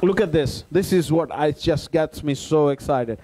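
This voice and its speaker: A man's voice: on the high side, expressive, a little slow, hardly any pauses, darkish tone. A man preaching a sermon as a pastor, reading scripture aloud and repeating phrases with emphasis. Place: church.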